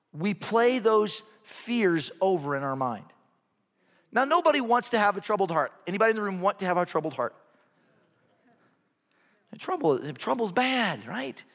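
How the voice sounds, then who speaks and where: A man with a high voice preaches a sermon, telling stories and asking the congregation rhetorical questions. His words ring out with a long echo, like a large church hall. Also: a bit bright. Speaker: pastor.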